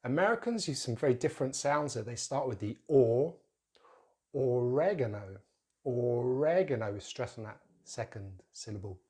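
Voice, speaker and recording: A man's voice: medium pitch, animated, fairly quick, hardly any pauses, darkish tone. A man with a British English accent giving a pronunciation lesson, carefully enunciating and repeating example words.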